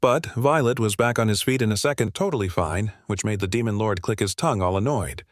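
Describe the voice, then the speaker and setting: A man's voice: lowish voice, brisk, dry recording, clean studio sound. A man narrating a comic recap in a casual, slangy, breezy way.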